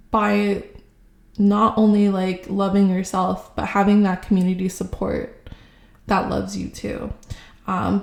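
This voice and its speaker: A woman talks through a casual intuitive reading at an unhurried, drawn-out pace. Her voice is mellow and gravelly, full of fillers and trailing thoughts. The room around her is noticeably echoey. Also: medium pitch. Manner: slow, musing, many fillers. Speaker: tarot reader.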